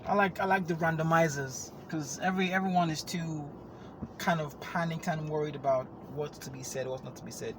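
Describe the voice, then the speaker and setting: A man's voice: on the high side, background noise. Playful man talking in a car. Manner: playful, laughs often, drawn-out filler mimicry. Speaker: podcast host. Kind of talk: casual unscripted chat.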